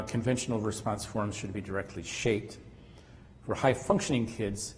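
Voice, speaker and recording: A man giving an academic conference lecture, halting at times with restarts and fillers. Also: on the low side, darkish tone. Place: conference hall. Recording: long hall reverb.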